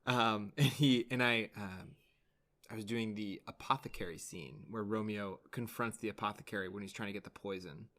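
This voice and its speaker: A young man co-hosts a podcast, chatting casually in a fairly low, slightly bright voice at a moderate pace. He rambles with plenty of fillers and restarts.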